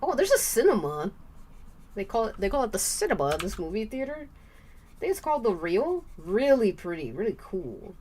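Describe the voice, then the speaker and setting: A woman's voice: medium pitch, very animated, moderate pace, darkish tone, a little hiss or hum. A young woman streaming while she draws, chatting casually and rambling with the odd swear word. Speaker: art streamer.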